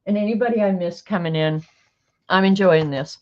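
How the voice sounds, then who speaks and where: A woman's voice: lowish voice, moderate pace, highs cut off. A woman hosting a live stream in casual chat, talking freely and laughing often. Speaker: livestream host.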